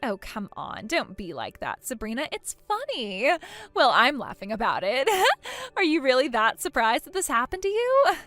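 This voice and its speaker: A woman plays a spiteful young sister-in-law in a text-message drama, mocking one moment and whining the next. Her high voice swoops all over the place. The recording is dry and close, with faint music behind it. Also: wildly swooping pitch, moderate pace, fairly bright tone. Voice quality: mocking, whiny. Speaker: voice actor.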